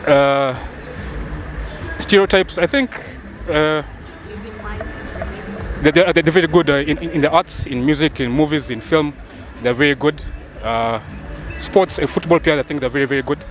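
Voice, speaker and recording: A man answering street interview questions, halting and repeating his words. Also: on the high side, a little hiss or hum. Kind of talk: street vox pop.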